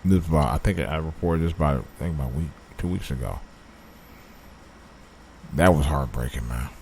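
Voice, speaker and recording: A man from Cleveland hosting his own commentary show, talking it through alone on his own mic, starting low and somber and building into loud, angry, profane ranting. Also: fairly quick, gravelly, a little hiss or hum. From Cleveland, USA. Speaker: host of a solo commentary show. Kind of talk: unscripted solo commentary. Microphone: own microphone.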